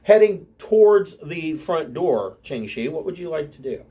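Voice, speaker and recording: A man narrating as game master of a tabletop game, unhurried and often clearing his throat. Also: fairly high pitch, big pitch swings, dark tone.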